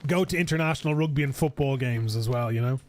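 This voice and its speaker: A man's voice: medium pitch, quick pace, darkish tone, slight background noise. A man with an Irish accent chatting casually and rambling while streaming a game. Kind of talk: casual gaming stream chat.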